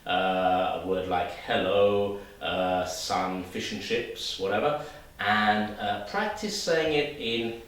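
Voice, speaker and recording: A man teaching a video lesson, talking straight to the viewer in a lively, demonstrative way. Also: on the low side, slow, heavy reverb, recorded from a distance, low-quality recording. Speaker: English teacher.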